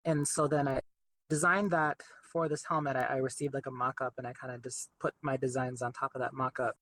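A young man speaking as an interview guest. He talks in a chatty, relaxed way, full of fillers. His pitch sits in an ordinary middle range. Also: a little fast, poor audio. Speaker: artist guest. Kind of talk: casual interview.

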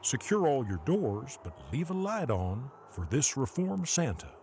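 Narrator: male, sing-song verse reading, lively pitch, warm low tone. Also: a little slow, slight background noise. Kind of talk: rhyming storybook narration.

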